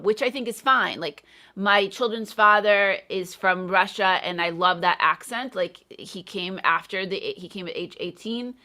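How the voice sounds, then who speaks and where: A middle-aged woman hosts a relaxed live conversation with a bright, forward tone at a medium pitch. She thinks aloud and softens her points with lots of fillers. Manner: thoughtful, hedging with fillers. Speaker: host, English teacher. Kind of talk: casual live interview.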